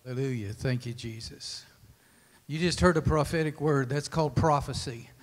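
A male pastor preaching an earnest sermon of exhortation in a church, moving quickly and then slowing down to repeat key lines with emphasis. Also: medium pitch. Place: church sanctuary. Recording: reverberant church sanctuary.

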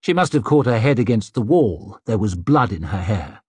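A man narrating an audiobook in a measured storytelling manner, voice slightly husky. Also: fairly low pitch, very animated, no echo. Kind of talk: scripted narration.

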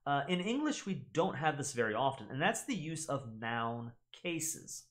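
Lively, animated man teaching Latin. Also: fairly high pitch. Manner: repeats words slowly to model pronunciation; animated, chatty, addresses viewers directly. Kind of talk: casual explanatory commentary.

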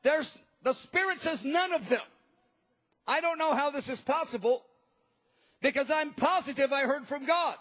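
A man's voice: extremely high pitch, moderate pace, a bit bright. A man voicing the old prophet Samuel in a sermon, speaking in an emphatic, urgent way. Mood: insistent. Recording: long reverb of a large hall.

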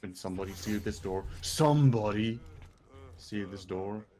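A man's voice: fairly low pitch, normal speed, warm tone. A German man from Saxony-Anhalt with a German accent, a native German speaker, chatting while gaming and rambling through hesitant explanations. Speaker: gamer. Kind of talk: casual gameplay chat.

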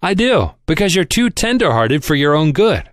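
A man's voice: a little high, big pitch swings, normal speed, no room sound, clean studio sound. A man voicing a stiff, humorless office manager who complains with cold dignity, in an audiobook reading. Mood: defiant.

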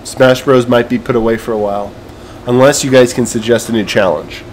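A man giving gameplay commentary who is teary and overwhelmed, halting and trailing off as he talks. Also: mid-range voice, fairly even intonation, slight background noise. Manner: emotional, halting, trails off and restarts. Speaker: gaming video creator.

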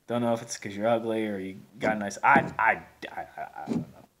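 A man's voice: fairly low pitch, fairly even intonation, a little fast, a bit bright. A man reviewing a beer on camera in a rambling, folksy way, with lots of fillers and restarts. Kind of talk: casual video review.

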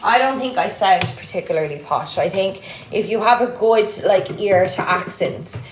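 A woman's voice: medium pitch, animated, moderate pace. A young Irish woman with a Louth and Dublin accent, chatting casually to her followers in a rambling way, with lots of "like". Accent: Irish, a mix of Louth and Dublin. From Ireland. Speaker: TikTok creator. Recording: echoey room with clear background noise.

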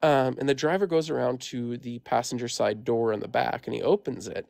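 Calling in with a paranormal tale, a man in his thirties from the US Midwest rambles casually, leaning heavily on "like" and "um." He speaks a little fast at medium pitch with fairly even intonation, vocal fry and a darkish tone, recorded without echo.

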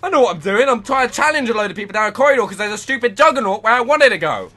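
Excitable man shouting over gameplay. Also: sits high, racing. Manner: excitable, swings from muttering to shouting at the game. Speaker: gaming channel host. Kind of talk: live gameplay commentary.

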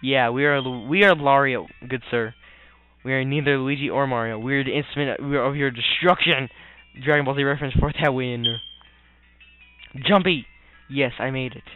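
A man's voice: medium pitch, fairly even intonation, a little fast. A man giving goofy, rambling commentary while playing a video game. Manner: goofy, rambling, mutters complaints. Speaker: let's player. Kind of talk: casual gameplay commentary. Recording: tinny lo-fi with faint game music.

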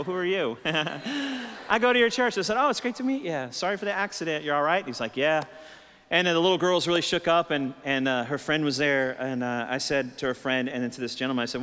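A middle-aged Texan man, a pastor, preaching a sermon and telling stories, swinging between low, relaxed storytelling and emphatic, raised peaks. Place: church sanctuary. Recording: reverberant church hall.

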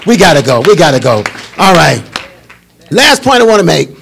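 A man, a bishop, leading a Bible study in a call-and-response preaching style that rises to shouts. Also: fairly high pitch, sing-song, moderate pace, gravelly, slight background noise.

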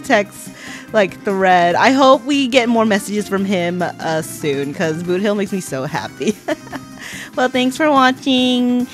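A woman streamer from Texas chats to her viewers in a giggly, gushing way and swears casually. Her voice bounces lively between high and low. Faint music sits behind her. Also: slow.

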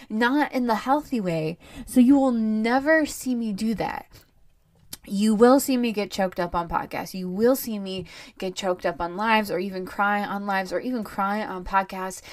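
A woman hosting her own podcast, talking candidly in a rambling, heartfelt solo monologue that turns animated when she rants. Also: medium pitch. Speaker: podcast host.

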